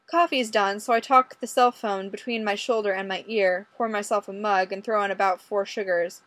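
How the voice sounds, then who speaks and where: A woman's voice: medium pitch, fairly even intonation, normal speed, a bit bright, no echo. Woman narrating wryly, dry close sound. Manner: wry, conversational. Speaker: audiobook reader. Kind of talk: first-person story narration.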